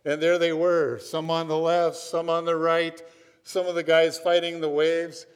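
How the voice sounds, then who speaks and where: A man's voice: a little high, level tone, a little slow, clear, resonant tone. A man from Minnesota preaching a sermon, telling stories in a conversational way and often checking in with "right?". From Minnesota, USA. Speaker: pastor. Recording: long hall reverb.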